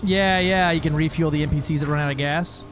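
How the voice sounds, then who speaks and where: A man's voice: a little high, steady tone, a little fast, a bit bright, soft background music. A man streaming a space game, chatting casually with viewers in a joking, profane way. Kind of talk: casual gaming livestream chat.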